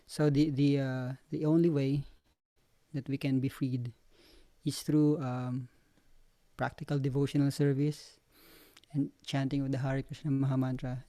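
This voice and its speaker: A man with a Filipino accent sharing spiritual reflections in a study group, pausing often and restarting as he mixes Tagalog and English. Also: medium pitch, warm tone, no room sound. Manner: hesitant, with many fillers and restarts, mixing Tagalog and English.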